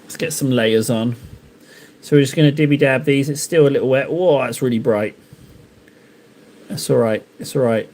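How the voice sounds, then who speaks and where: A man with a mid-range, darkish voice hosts a live stream while painting miniatures, chatting casually at a moderate pace with frequent pauses. He rambles and jokes to himself as he works.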